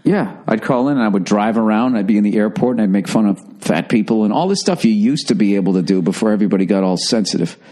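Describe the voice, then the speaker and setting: A man's voice: on the low side, quick pace, hardly any pauses, warm tone. A man hosting a casual podcast from home, grumbling and swearing through offhand rants. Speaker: podcast host.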